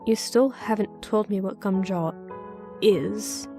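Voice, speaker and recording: A frightened, worn-out stranded traveler acted by a woman at a mid pitch. He sounds anxious, pleading and defensive. Faint music runs under the horror reading. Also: slow, mellow.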